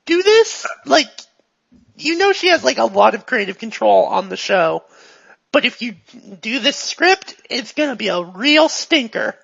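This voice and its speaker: GM playing a gushy TV diva, gravelly and breathy, dull recording. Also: medium pitch, a little slow, full character voice. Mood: pushy. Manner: gushing, jumps from excited to hushed. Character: excitable female TV star, gushing and pushy.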